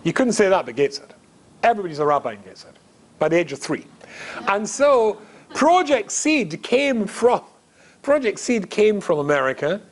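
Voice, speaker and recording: A man's voice: high-pitched, sing-song, moderate pace. A middle-aged man from Scotland, a rabbi giving a humorous storytelling lecture, chatty and joking with asides to the audience. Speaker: rabbi and guest speaker.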